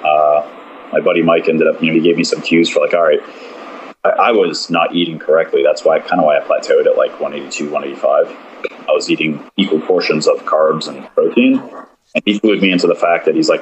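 Very deep-voiced man, rambling casually. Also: steady tone, brisk, slight background noise, poor audio. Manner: loose and rambling, with many fillers. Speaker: podcast guest. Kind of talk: casual chat.

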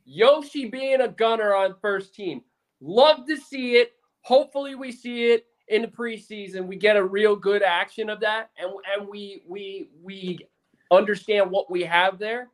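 High-voiced excitable man talking football. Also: unhurried. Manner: animated, excitable fan storytelling. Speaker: podcast co-host. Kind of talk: casual sports chat.

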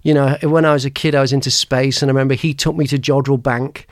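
A podcast host with a medium-pitched, level voice talks fast, rambling through personal stories in a casual chat with lots of restarts and laughs. The studio-quality recording has no room sound.

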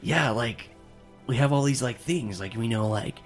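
A man's voice: medium pitch, moderate pace, faint music behind, voice pushed up, lightly acted. A man voicing a casual young male agent who rambles with lots of fillers. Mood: eager.

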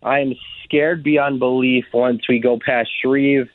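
A man calls in to a radio show and talks hesitantly, filling his pauses with ums. His voice comes over a tinny, dry phone line. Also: medium pitch, steady tone, no echo. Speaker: caller. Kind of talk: call-in radio chat.

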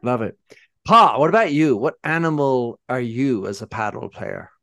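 Upbeat podcast host, dry close sound. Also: male voice, mid-range voice, expressive, normal speed, vocal fry, a bit bright, dry recording. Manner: upbeat, encouraging. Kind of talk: interview questions.

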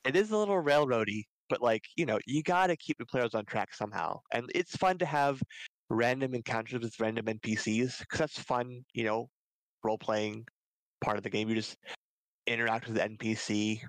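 A man's voice: mid-range voice, moderate pace, no echo, poor audio. Man, game master on a podcast, eager, filler-heavy, dry sound. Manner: explains eagerly with many fillers. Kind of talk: casual chat.

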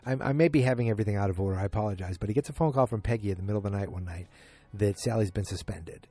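A man's voice: fairly low pitch, rapid-fire, mellow, no room sound. A man recapping a TV episode in a casual, rambling way, full of fillers and restarts, loosely acting out the characters' lines. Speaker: podcast host recapping a TV episode.

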